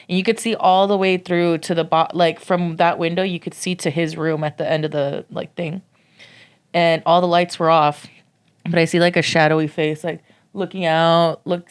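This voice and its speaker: A woman with a low voice tells a rambling ghost story on a casual podcast. She swears freely and scatters "like" through every sentence. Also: clear, resonant tone. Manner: swears freely, lots of "like" fillers. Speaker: podcast co-host.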